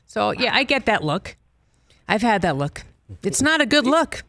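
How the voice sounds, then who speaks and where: A woman guest host chatting in a casual interview with quick, playful banter. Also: a little high, sing-song, fairly bright tone, no echo.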